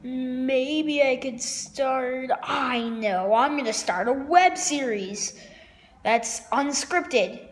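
A woman's voice: high voice, extremely slow. A woman vlogger rambling unscripted to the camera, jumpy, playful and self-mocking. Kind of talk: unscripted vlog chat.

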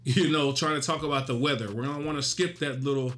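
Over soft background music, a man with a medium-pitched, slightly bright voice talks fast while hosting a real estate coaching video. He's direct and emphatic, keeps it casual and instructional, and drives his points home with frequent "right?" tag questions.

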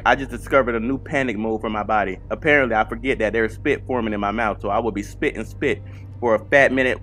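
A young man playing a horror game at home on a desk mic, panicking, shouting in bursts and swearing in casual slang. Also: mid-range voice. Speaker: gaming YouTuber. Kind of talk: horror game let's play commentary.

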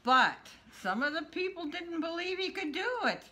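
A woman's voice: extremely high pitch, very animated, moderate pace, few pauses, pushed and bright. A woman from Canada reading a picture book aloud, playful and giggly. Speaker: storyteller.

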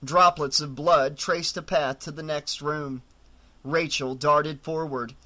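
Bright-voiced man narrating horror. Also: on the high side, fairly even intonation, slow. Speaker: audiobook narrator.

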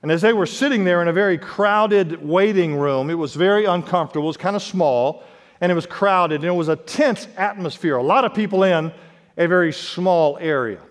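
Male pastor, high voice, dynamic sermon delivery, long church-hall reverb. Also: brisk. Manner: preaching with sharp swings in pitch and volume, quotes scripture. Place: church sanctuary.

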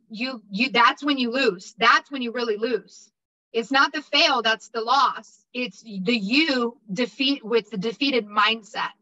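A woman with a high, bright voice works as an upbeat, casual insurance exam prep instructor, mixing teaching with motivation. She repeats herself and keeps checking in with "okay?", all on a lo-fi recording.

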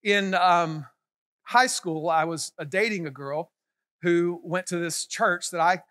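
A middle-aged male pastor telling a story in a sermon, getting animated and loud as it builds. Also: slow pace. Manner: animated, gets loud and high when excited.

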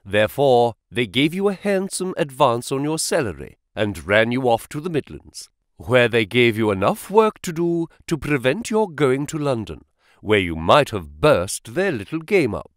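A man voicing a sharp male detective who reasons aloud in an audiobook reading. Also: mid-range voice, sing-song, moderate pace, no room sound, clean studio sound, natural voice. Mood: explaining.

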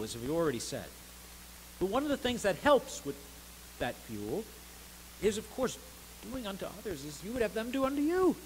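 A man preaching a sermon as pastor of a church, earnest, rising to stressed words and dropping softly between them. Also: a little high, a little hiss or hum, poor audio. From United States. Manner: earnest preaching with swells of emphasis and soft drops. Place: church sanctuary.

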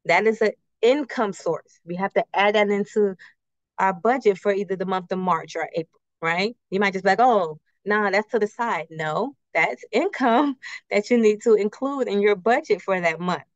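A woman's voice: medium pitch, moderate pace, no room sound. Chatty woman teaching budgeting basics. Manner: conversational, keeps checking in with "right?" and rhetorical questions; uses everyday personal examples. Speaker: credit union financial educator. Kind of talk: casual workshop presentation with slides. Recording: slightly muffled, dry recording.

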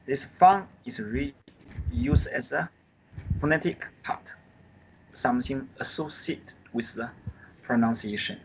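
Over a video call, a Chinese-accented man leads a live online group Mandarin lesson, drilling pinyin and tones with non-native English phrasing. His medium-pitched voice is gravelly and sing-song; he takes it slowly and pauses often against slight background noise.

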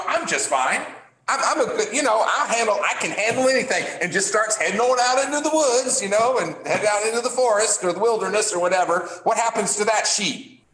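A man leading a Bible class discussion, halting and repeating words as he asks the class questions. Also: sits high, bright, forceful tone. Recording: echoey room.

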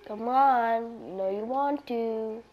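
A young woman commenting casually on her online shooter match, chatty with sudden excited outbursts, tired and yawning with a slight cough. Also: on the high side, slow pace, muffled recording, background noise. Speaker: gamer. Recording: game music playing clearly behind.

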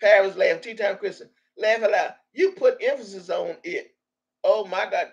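A woman's voice: medium pitch, brisk, vocal fry, breathy edge. A woman hosting a casual livestream and reading viewers' comments aloud, brash and profane, often laughing. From Texas. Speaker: livestream host.

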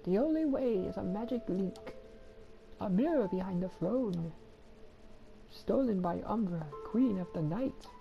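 A kindly old woman sage speaks in slow, hushed, solemn tones, as a woman puts her on while reading game dialogue. The voice sits a little higher and quieter than plain talk, with a gravelly edge and faint music behind. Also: lively intonation, muffled recording. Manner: slow, soft, solemn delivery.

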